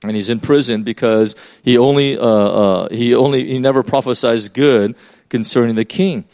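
A man's voice: medium pitch, moderate pace, darkish tone. A man preaching a sermon in a loose, conversational way, explaining as he goes with many fillers and restarts.

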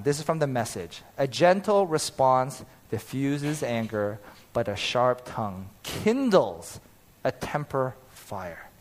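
A man in his thirties preaching as a pastor, telling a personal story with animated, acted-out quotes and frequent laughter. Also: on the high side.

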